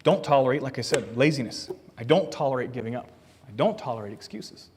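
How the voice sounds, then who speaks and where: Earnest pastor preaching in a reverberant hall. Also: male voice, mid-range voice, a little fast, darkish tone, husky. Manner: earnest, plain-spoken teaching with rhetorical questions. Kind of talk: sermon. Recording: long reverb of a church hall.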